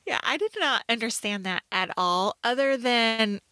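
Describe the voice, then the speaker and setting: A woman's voice: fairly high pitch, normal speed, bright, forceful tone, no echo. A woman co-hosting a podcast, chatting casually about a movie with lots of fillers and an easygoing manner. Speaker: podcast co-host. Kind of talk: casual movie review chat.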